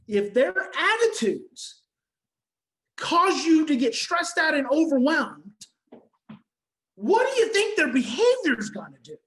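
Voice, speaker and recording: Woman presenter, high voice, preacher-like seminar delivery, emphatic repetition, loud to hushed. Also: sing-song, slow pace, pauses often, poor audio. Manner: emphatic and repetitive, preacher-like, swinging from shouting to hushed near-whispers. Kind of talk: impassioned online seminar talk.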